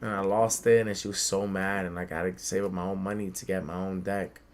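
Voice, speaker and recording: A young man from the Bronx telling a childhood story in casual podcast chat, animated, swearing freely and acting out the voices of people he quotes. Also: deep voice, a little fast, a little hiss or hum. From the Bronx, New York. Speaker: podcast co-host. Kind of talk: casual storytelling among friends.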